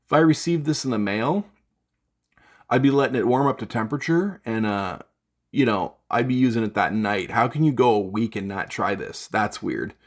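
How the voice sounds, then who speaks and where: A man's voice: lowish voice, expressive, normal speed. A man venting in an unscripted vlog from his home studio, rambling with fillers and restarts. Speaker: gear vlogger.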